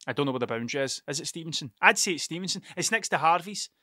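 A Scottish man in his thirties with an Ayrshire accent tells a long, digressive story full of swearing and restarts. His voice sits fairly high and sounds bright and edgy. The recording is close and dry, with no room sound. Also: animated, very fast, dry recording. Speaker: podcast host. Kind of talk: rambling solo storytelling.

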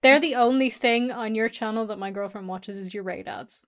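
Woman guest on a podcast, dry blunt humour, slightly high voice. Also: moderate pace, a bit bright. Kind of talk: casual chat.

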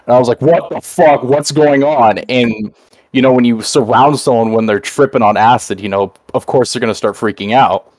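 A man's voice: medium pitch, fairly even intonation, a little fast, no room sound. A young man hosting a podcast, telling a long story in a rambling, casual way, swearing often and using lots of "uh" and "like". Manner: rambling and profane, full of fillers. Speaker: podcast host.

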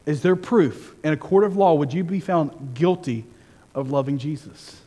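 A man preaching a sermon as senior pastor, telling stories and swinging from hushed asides to fervent, raised delivery. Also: a little high, moderate pace, big-room sound, muffled recording.

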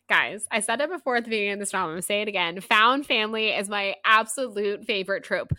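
A woman's voice: mid-range voice, quick pace, hardly any pauses, sharp tone, no room sound. A woman co-hosting a book podcast, gushing enthusiastically about a novel and laughing often. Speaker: podcast co-host. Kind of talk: casual book-club chat.

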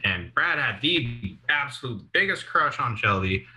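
Speaking at a measured pace, a young man with a sharp, animated, mid-range voice tells rowdy stories as a podcast guest. He swears freely, laughs, and acts out quotes in a casual way, and the audio is poor.

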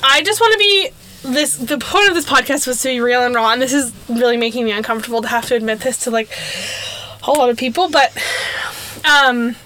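A young woman co-hosts a casual podcast in a high, bright voice. She talks candidly, laughs often and restarts her sentences. A faint hum sits in the background. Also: fairly quick. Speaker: podcast co-host. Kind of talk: casual chat.

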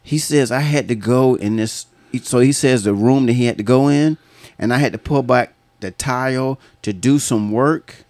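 A man's voice: mid-range voice, normal speed, darkish tone, dry recording. A man hosting a podcast, telling a long story in a casual, profane way and laughing often. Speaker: podcast host.

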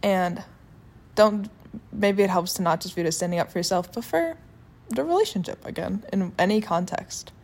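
Young woman, casual vlog rant, sassy and animated, fillers and restarts, middle pitch. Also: normal speed. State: sweaty after activity. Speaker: vlogger. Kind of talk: casual talking-to-camera rant.

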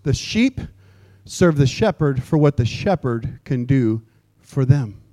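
A pastor preaching a sermon in a lively, joking way, slipping into mock old-fashioned prayer voices. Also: male voice, medium pitch, slow, dry recording. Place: church.

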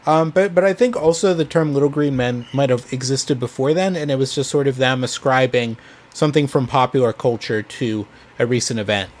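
A man's voice: medium pitch, a little fast. A man co-hosting a casual podcast, presenting a story with many fillers and restarts. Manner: hesitant, filler-heavy, restarts often. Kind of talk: casual chat.

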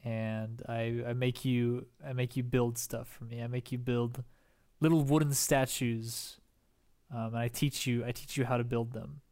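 Making things up as he goes, this young podcast co-host keeps stalling and starting his sentences over in a casual, meandering conversation. He speaks at a steady, unhurried pace with a typical mid-range pitch.

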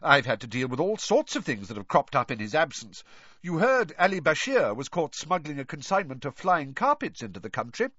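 A brisk, self-important young official, voiced by a male narrator, pitched higher and bouncing with importance. The recording is dry and slightly dull. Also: very animated, a bit bright, slightly rough, dry recording, full character voice. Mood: boastful.

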